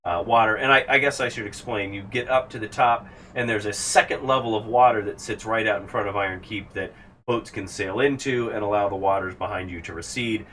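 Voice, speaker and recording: A man narrating a tabletop game as game master, describing scenes at length and pausing with fillers. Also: lowish voice, bright, forceful tone. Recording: distant mic, faint background hiss.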